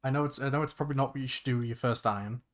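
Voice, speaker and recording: A young man chatting casually on a livestream while he plays a game, rambling and excitable, swearing freely and restarting his sentences. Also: medium pitch, rapid-fire. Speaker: VTuber streamer. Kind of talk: casual gaming livestream chat.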